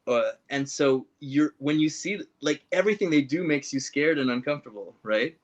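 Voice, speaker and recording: A man in a casual political discussion, talking loosely with quick asides. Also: medium pitch. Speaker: podcast guest. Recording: dull lo-fi audio.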